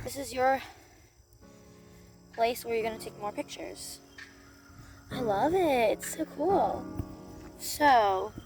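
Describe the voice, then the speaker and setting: A woman narrating a playful doll role-play in an excitable voice, gasping and exclaiming as she goes. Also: fairly high pitch.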